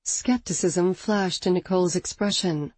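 A woman narrating an audiobook in an expressive, dramatic scripted reading, close to the mic. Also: on the low side, a little slow, dry recording.

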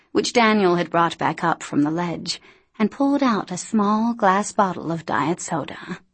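A woman narrating an audiobook in a steady, deliberate reading style. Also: mid-range voice, breathy edge. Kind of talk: scripted narration.

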